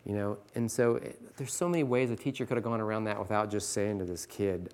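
Man, 40s, low-pitched, earnest teacher giving a lesson. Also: a little fast, few pauses, darkish tone. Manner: earnest, pleading, reads scripture aloud. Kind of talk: teaching a class of teachers with scripture.

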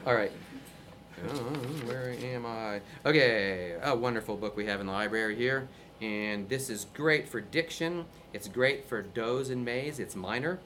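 A man from North Carolina leads a music workshop for teachers in a chatty, upbeat way, laughing often between points. His voice sits at an ordinary middle pitch. Faint background noise runs under the talk. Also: measured pace, fairly bright tone.

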